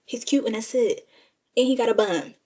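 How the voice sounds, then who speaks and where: Husky-voiced young woman telling a sassy story. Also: fairly high pitch, normal speed. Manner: sassy, animated, addresses listeners as y'all. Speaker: storyteller vlogger. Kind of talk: casual storytime.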